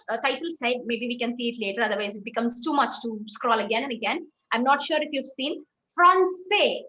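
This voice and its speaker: A woman's voice: high-pitched, sharp tone, roomy sound, muffled recording. A woman teaching a French pronunciation class online, explaining patiently step by step and often checking that learners follow.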